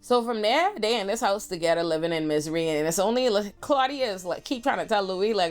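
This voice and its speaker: A woman in casual recap commentary, sassy and animated, telling the story and quoting the characters in mock voices. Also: on the low side, fairly quick, faint music behind. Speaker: pop culture commentator.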